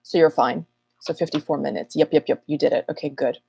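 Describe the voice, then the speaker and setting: Woman host of a live astrology Q&A; low, slightly husky voice, loose rambling delivery, dry recording. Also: fairly even intonation, brisk, mellow, no echo. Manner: chatty, rambling, self-mocking. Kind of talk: casual livestream chat.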